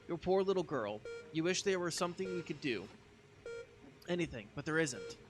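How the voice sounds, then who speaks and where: A man's voice: on the high side, animated, normal speed. A man streaming a story game, reading its narration aloud in a casual way with asides, with music playing behind him. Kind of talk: reading game text aloud with live commentary.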